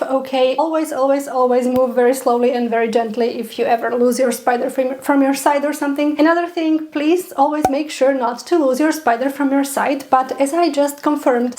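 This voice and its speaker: Woman, young adult, high-pitched, casual vlog storytelling, chatty, lots of fillers. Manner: chatty, animated, frequent laughs and fillers. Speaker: pet spider keeper vlogger.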